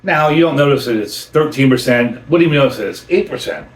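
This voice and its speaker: A man's voice: mid-range voice, expressive, fast, recorded from a distance. A man hosting a casual beer review chat, enthusiastic and often restarting his sentences. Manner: enthusiastic, repeats himself with restarts. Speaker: host of a beer review channel. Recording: roomy sound from away from the mic.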